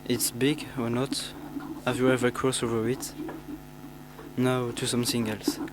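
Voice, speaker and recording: A teenage boy introduces himself to pen pals, halting with many restarts and fillers. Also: medium pitch, level tone, noisy background. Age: teens. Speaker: student.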